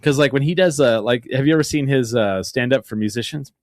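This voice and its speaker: A man from Eastern New Mexico rambles through stories as a podcast host, cursing freely and easily. His voice sits in an ordinary middle pitch. The recording is dry and close. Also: quick pace, no echo. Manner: rambling storyteller, swears freely, slips into a twangy West Texas voice for quotes. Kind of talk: casual chat.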